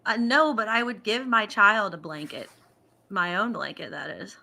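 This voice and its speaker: A woman's voice: mid-range voice, normal speed, creaky, bright, forceful tone. A woman co-hosting a casual online chat show, riffing playfully and giggling often. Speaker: co-host.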